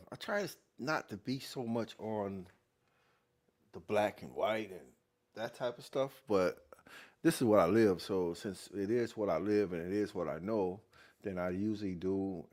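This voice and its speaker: Halting, increasingly emphatic vlogger man. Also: deep voice, a little mellow. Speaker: vlog host. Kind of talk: casual commentary.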